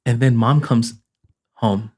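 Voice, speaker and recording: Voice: medium pitch, fairly even intonation, darkish tone, breathy edge. A podcast host chatting casually, who jumps in eagerly to retell a shared family memory. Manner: eager, fast interjecting storyteller. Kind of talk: casual chat.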